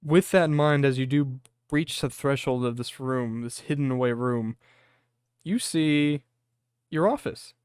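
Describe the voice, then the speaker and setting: Smooth-voiced man narrating as game master. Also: medium pitch, fairly even intonation, darkish tone, no room sound, clean studio sound. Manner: descriptive, unhurried, with frequent fillers. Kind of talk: narrating a tabletop horror game.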